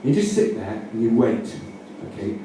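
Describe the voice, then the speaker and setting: A Yorkshire-accented male comedian with a lowish, sing-song, dark-toned voice delivers rambling, mock-earnest comic instructions at a moderate pace, often correcting himself mid-sentence. The mic sits at a distance, picking up roomy echo and faint noise.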